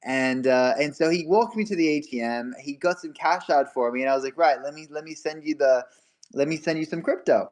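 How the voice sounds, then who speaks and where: A man's voice: on the high side, a little fast. A young man hosting a casual livestream, chatty and laughing often as he rambles through stories. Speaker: livestream host.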